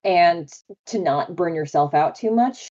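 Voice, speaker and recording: Enthusiastic low-voiced woman guest. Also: expressive, unhurried, dark tone, dull audio. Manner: bubbly, enthusiastic, lots of "like" fillers. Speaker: voice actor guest. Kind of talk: live interview chat.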